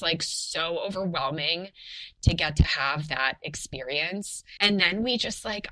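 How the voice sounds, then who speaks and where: A young woman sharing her birth story on a podcast, animated and full of fillers, laughing often. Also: on the low side, low-quality recording. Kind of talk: casual personal storytelling.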